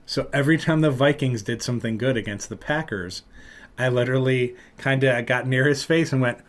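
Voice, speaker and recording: Animated male podcast host telling stories. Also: medium pitch, brisk. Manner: animated, acts out loud quotes of other people. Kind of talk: casual storytelling chat.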